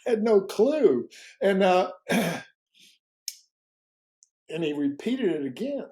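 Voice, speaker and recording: A man recounts a story as an interview guest, his voice sitting a little high yet soft and mellow. He talks haltingly, with many fillers and restarts. He grows lively when he acts out what was said to him. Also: rough recording. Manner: halting, with frequent repeats and fillers; animated when retelling dialogue. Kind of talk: conversational storytelling.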